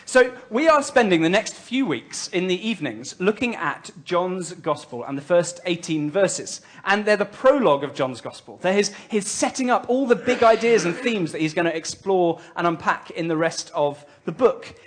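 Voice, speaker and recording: A man's voice: high voice, lively intonation, normal speed, hardly any pauses. A man preaching a sermon as pastor of his church, telling a story conversationally with light humour and frequent fillers.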